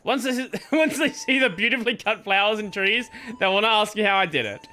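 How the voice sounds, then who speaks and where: A man's voice: sits high, animated, a little fast, sharp tone, faint music behind. A man reading a cheerful stubborn gardener. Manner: reads game dialogue aloud.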